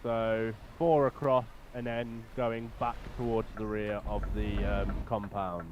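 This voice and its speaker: A man's voice: on the low side, level tone, takes it slowly, highs cut off, noisy background. Man organizing a truck convoy. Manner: directing others with patient instructions. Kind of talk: casual voice chat while gaming.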